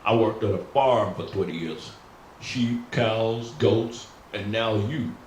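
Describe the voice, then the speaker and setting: Guy doing a crude folksy farm-doc, drawly, deep-ish, faint hum behind. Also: slow, a little mellow, roomy sound, far from the mic, rough recording. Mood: dismissive. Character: crude, folksy older male country doctor.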